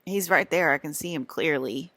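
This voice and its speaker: A woman's voice: sits low, normal speed, bright, forceful tone, no echo. A young woman vlogging to camera in a meandering, repetitive way, with many fillers and restarts. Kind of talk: casual rambling monologue.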